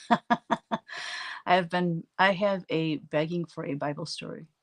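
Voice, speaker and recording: Chatty low-voiced woman telling stories. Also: steady tone, unhurried. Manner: chatty storyteller, laughs often. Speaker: artist hosting a live stream. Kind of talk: casual chat with live viewers while painting. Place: home art studio, standing at work.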